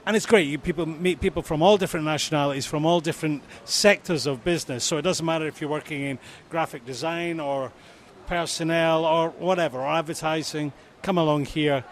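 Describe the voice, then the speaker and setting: Male co-host, slightly high voice, easygoing and jokey, recorded outdoors at an event. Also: fairly quick, few pauses, slight background noise. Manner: relaxed, joking. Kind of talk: casual outdoor chat.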